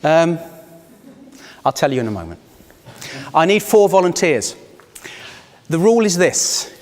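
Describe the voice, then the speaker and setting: Male facilitator, fairly high voice, reflective and inviting, recorded in an echoey conference room. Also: very animated, measured pace. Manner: reflective, inviting, personal storytelling. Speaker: workshop facilitator. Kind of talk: live workshop talk to a group. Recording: long hall reverb.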